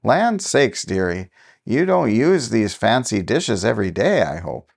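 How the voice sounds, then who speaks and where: A man's voice: on the low side, sing-song, measured pace, gravelly, full character voice. Man doing a fussy exclaiming neighbor woman. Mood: fussing. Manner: exclaiming, meddling. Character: fussy small-town older woman neighbor.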